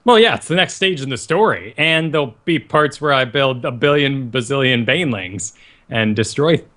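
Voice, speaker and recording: A man's voice: mid-range voice, animated, moderate pace, fairly bright tone. A man co-hosting a casual live podcast, talking with jokey enthusiasm. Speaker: podcast co-host.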